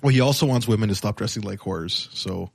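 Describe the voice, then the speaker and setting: Low gravelly man, rambling chat. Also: fast talker, dry recording. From Canada. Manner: rambling, hedging with many fillers. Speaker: podcast co-host. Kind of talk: casual chat.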